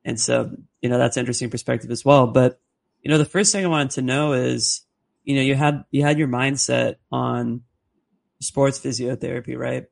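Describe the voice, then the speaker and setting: A man co-hosting an interview, asking a guest questions in a measured way with many "you know"s. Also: mid-range voice, fairly even intonation, vocal fry. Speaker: co-host.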